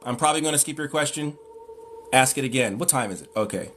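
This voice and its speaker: A man's voice: mid-range voice, lively intonation, fast, fairly bright tone, slight background noise. A man hosting a live stream, lecturing emphatically and with exasperation as he answers chat.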